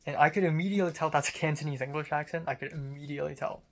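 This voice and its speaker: A man's voice: on the high side, steady tone, quick pace, fairly bright tone. A young man from Hong Kong telling a story in a casual, rambling way, with self-mocking asides and casual swearing.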